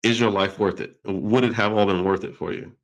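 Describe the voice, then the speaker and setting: A man hosting an interview, telling a story in a lively, conversational way and acting out the quoted voices. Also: fairly low pitch, fairly quick, poor audio. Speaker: podcast host.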